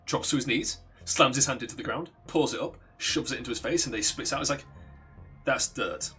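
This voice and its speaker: A man's voice: mid-range voice, fast, bright, forceful tone, faint music behind. A young man streaming a game, casually retelling a story in a rambling way and acting out the characters' lines. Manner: rambling, chuckling, acts out quotes.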